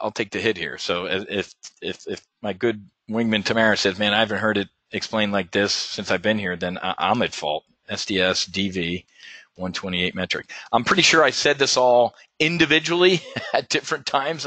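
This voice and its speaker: A man's voice: fairly low pitch, moderate pace, bright, forceful tone, no echo. A man hosting a casual live webinar as an options trading coach, stammering and repeating words, blunt and salty, with pilot slang.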